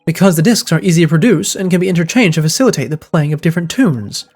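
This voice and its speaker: A man reads the lines of an eccentric, self-assured gentleman detective, grandiose, wordy and lofty in mood. His voice is on the high side, animated and quick, with faint game music underneath.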